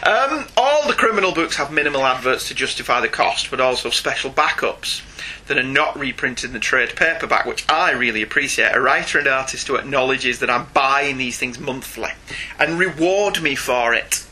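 A man's voice: medium pitch, lively intonation, pushed and bright, breathy edge, low-quality recording. A Northern English man co-hosting a casual comics podcast. He chats, teases his co-host and laughs readily. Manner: chatty, teasing, quick to laugh. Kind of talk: casual comics review chat.

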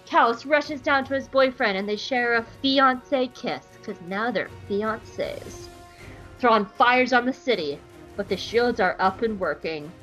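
A woman's voice: fairly high pitch, a little slow, fairly bright tone, soft background music, rough recording. A woman casually recapping a cartoon episode for a podcast, joking around and slipping into silly voices for the characters. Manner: playful, jokey, acts out quotes in silly voices.

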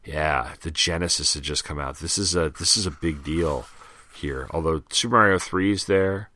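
Deep-voiced, bright-toned podcast host. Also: male voice, normal speed, no echo. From Long Island, New York. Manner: rambling, conversational, frequent fillers. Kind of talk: casual solo podcast commentary.

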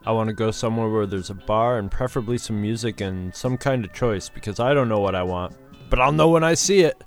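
A man voicing an excitable, boozy male trucker who talks eagerly and exclaims a lot. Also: on the low side, brisk, soft background music, natural voice.

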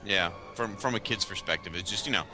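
A man with a low yet very bright, tense tone co-hosts a casual podcast chat. He talks in a hesitant, thoughtful way with many pauses and ums, and soft music runs underneath. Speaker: podcast co-host.

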